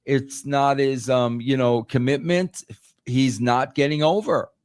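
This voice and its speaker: A man's voice: mid-range voice, steady tone, unhurried, a little mellow, clear, resonant tone, no echo, studio quality. A man talking in a casual podcast chat, emphatic, repeating words and saying "bro" a lot. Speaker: podcast guest, former wrestling writer.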